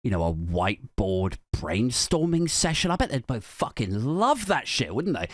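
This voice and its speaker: A man's voice: medium pitch, very animated, normal speed, dry recording, clean studio sound. Sardonic, sweary man ranting. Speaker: comedian host. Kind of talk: comedic political rant.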